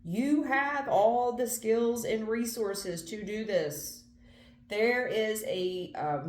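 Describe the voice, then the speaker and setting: A woman's voice: mid-range voice, reverberant, slight background noise. A woman doing a casual tarot reading, earnest and emphatic, repeating phrases and swearing now and then. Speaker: tarot reader.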